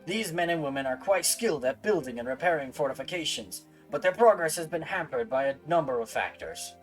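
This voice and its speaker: A man voicing a stately male knight commander, reading the game dialogue slowly, loudly and formally. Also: expressive, faint music behind, natural voice, rough recording. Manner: formal, slow and booming.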